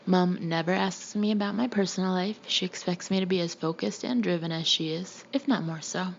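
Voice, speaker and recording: A woman's voice: fairly low pitch, brisk, creaky, lo-fi sound, slight background noise. A woman reading a first-person audiobook chapter, voicing the characters lightly. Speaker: audiobook reader. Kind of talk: audiobook narration with character voices.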